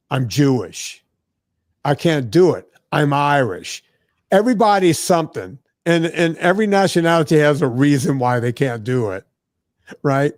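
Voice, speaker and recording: Brief: male fitness guest, chatty storyteller, mimics people he quotes, dry close sound, middle pitch. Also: no echo. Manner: animated, acts out quoted people, frequent "right?" tags. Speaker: diet and fitness expert guest. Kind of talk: casual conversational storytelling.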